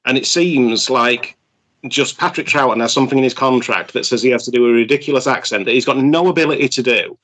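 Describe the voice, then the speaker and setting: A man's voice: mid-range voice, fast, a bit bright, poor audio. A man co-hosting a podcast, giving enthusiastic, opinionated takes and often stumbling over his words. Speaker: podcast co-host. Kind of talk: casual podcast chat.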